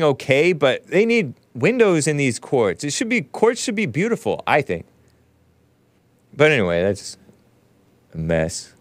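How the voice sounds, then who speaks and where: A man's voice: medium pitch, no room sound. A man hosting a talk show, commenting sarcastically in a rambling, casual way, often laughing at his own remarks. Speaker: show host.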